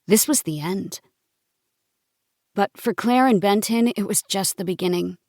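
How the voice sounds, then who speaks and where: Calm woman narrating a novel. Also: medium pitch, measured pace, no room sound, clean studio sound. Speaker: audiobook narrator. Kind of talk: scripted first-person novel narration.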